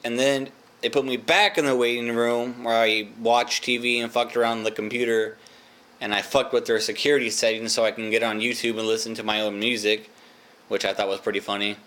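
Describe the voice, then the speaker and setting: A man's voice: mid-range voice, pushed and bright. Rambling, profane young man telling a story. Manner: rambling, profane, self-mocking. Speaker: vlogger. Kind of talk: casual storytelling.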